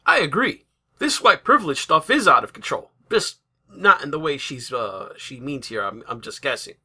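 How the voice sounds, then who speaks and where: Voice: mid-range voice, very animated, normal speed, sharp tone, slightly rough. A commentary host speaking in a sarcastic, mock-outraged tone over played clips. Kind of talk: satirical commentary.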